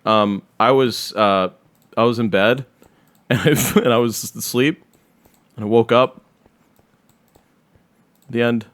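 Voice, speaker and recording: A man co-hosting a casual podcast, teasing his friends and quick to laugh. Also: mid-range voice, fairly even intonation, fairly bright tone, clear, resonant tone. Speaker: podcast co-host.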